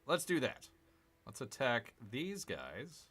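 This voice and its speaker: Gaming host, male. Bright voice, unhurried, musing aloud over each move of a strategy game. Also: mid-range voice, wildly swooping pitch. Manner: chatty, talks to himself, cheers and groans at the game. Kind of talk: casual strategy game commentary.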